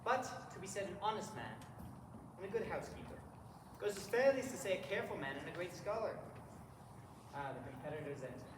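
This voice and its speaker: A teen actor as a mocking high-voiced jester. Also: male voice, expressive, a little fast, long pauses. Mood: playful. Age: late teens. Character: witty young male jester, mocking and playful. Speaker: student actor. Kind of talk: school stage play. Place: school stage. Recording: echoey hall from far off, audience noise.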